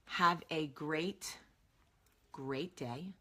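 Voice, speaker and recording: A woman's voice: low voice, slow, pauses often, sharp tone. A woman hosting an advice vlog, earnest and direct, repeating phrases for emphasis. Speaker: vlog host.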